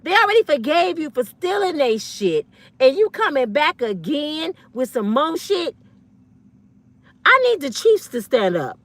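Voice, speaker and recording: A woman's voice: high-pitched, very animated, a little slow, fairly bright tone, dry recording. A woman in her fifties, an online commentator, delivering a blunt, fiery, profane rant full of slang. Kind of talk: ranting monologue.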